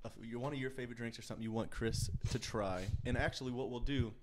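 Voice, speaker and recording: A man's voice: medium pitch, steady tone, fast, noisy background. A man co-hosting a podcast, rambling through a story in casual banter with lots of restarts. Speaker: podcast co-host.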